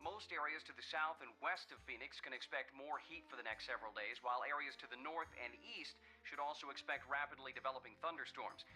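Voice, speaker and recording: An actor playing a radio weather announcer in a video game, giving a scripted forecast with crisp broadcast delivery. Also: male voice, medium pitch, quick pace, hardly any pauses, sharp tone, faint music behind. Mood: upbeat. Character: brisk adult male radio weatherman.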